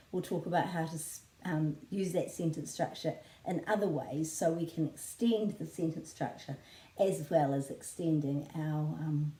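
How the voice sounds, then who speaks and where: A woman with a New Zealand accent, a children's book author teaching in a clear, patient way and spelling out words slowly. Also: on the low side, warm tone, roomy sound, poor audio. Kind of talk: friendly teaching talk.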